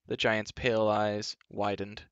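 A man reading a children's book aloud in a gentle, measured storytelling manner. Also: fairly low pitch, little pitch movement, clear, resonant tone, dry recording, dull audio.

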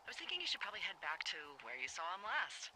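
Bright, lively game radio supervisor, teasing, quick. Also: female voice, medium pitch, a little hiss or hum, full character voice, poor audio. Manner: teasing, playful, quick-witted. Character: witty woman lookout supervisor on the radio. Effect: handheld radio. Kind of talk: video game voice acting.

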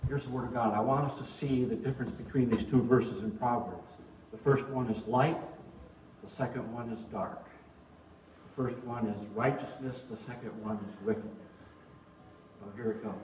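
A pastor preaches a sermon in a church sanctuary, telling jokes and stories in a folksy, conversational style. His medium-pitched, slightly mellow voice is fairly even in intonation and moderate in pace. The echoey room is recorded with a distant mic and a little hiss or hum.

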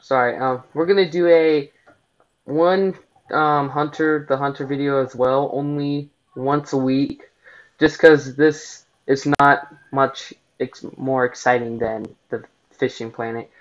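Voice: mid-range voice, fairly even intonation, takes it slowly, highs cut off. Giggly, rambling gaming co-host. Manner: giggly, rambling with many fillers. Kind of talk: casual gameplay commentary.

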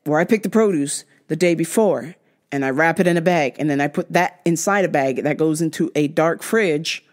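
A young adult woman hosting a podcast, telling stories about rude customers in an exasperated, profane rant and mimicking people in high voices. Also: moderate pace. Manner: animated, mimics others in high-pitched voices. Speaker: podcast host. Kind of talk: ranting storytime.

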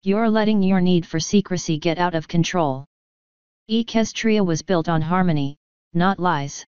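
A woman voicing a grave, earnest royal mare who speaks in a measured, solemn way, in a storybook reading. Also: lowish voice, a little mellow, smooth, dry recording, close to an everyday voice. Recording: dull lo-fi recording.

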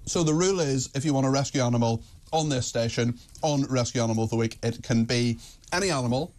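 Male talk host, rapid delivery, loose and chatty, stumbles through fillers. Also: medium pitch, a little mellow, slight background noise. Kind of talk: live talk radio chat.

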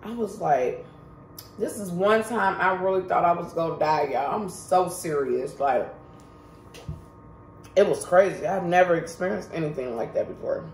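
In a casual storytime vlog, a woman with a slightly low, somewhat mellow voice addresses her viewers directly, telling a story emphatically and chattily at a moderate pace. The audio has a roomy echo and slight background noise.

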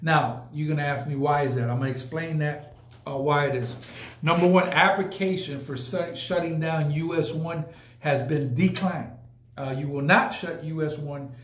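Hosting a casual live podcast, a man speaks emphatically and repeats points for emphasis. His voice is fairly high with a steady tone and a moderate pace, and the room sounds echoey.

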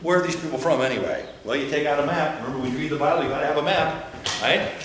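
A man's voice: on the high side, racing, a crowd in the background. A male pastor giving a chatty, joking sermon, often putting questions to the listeners. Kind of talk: conversational sermon. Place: church. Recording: very echoey church.

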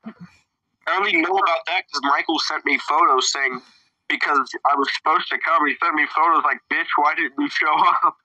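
A man's voice: fairly high pitch, fairly even intonation, bright, forceful tone, no echo, far from the mic, low-quality recording. A man in a casual role-play who plays a teacher and jokes crudely, often laughing. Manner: crude, joking, quick to laugh. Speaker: player acting as teacher.

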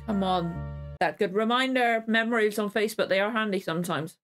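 A woman hosting a reaction video, chatting casually, excitable, swearing freely and getting emotional. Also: medium pitch, fairly quick, soft background music.

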